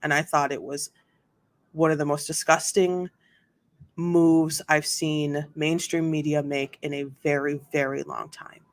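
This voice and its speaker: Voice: mid-range voice, level tone, measured pace. A host giving casual commentary on a court trial, chatty and full of fillers and asides, reading testimony aloud.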